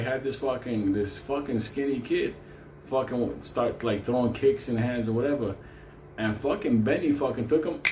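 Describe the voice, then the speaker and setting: A man's voice: mid-range voice, darkish tone. A middle-aged man telling a crude, rambling story, swearing constantly and often laughing. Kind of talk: casual profane storytelling. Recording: roomy echo with faint hum.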